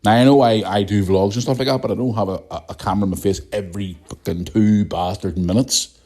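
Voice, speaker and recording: A man's voice: fairly low pitch, fairly even intonation, fast talker, mellow. A man with a Northern Irish accent hosting a podcast, ranting bluntly and swearing often in a casual monologue. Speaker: podcast host.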